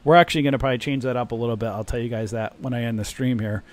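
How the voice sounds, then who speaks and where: A man's voice: medium pitch, racing. A man hosting a live stock trading stream, explaining charts and acting out panicking new traders. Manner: animated, acts out panicking traders. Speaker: trading room host. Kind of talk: live stream market commentary.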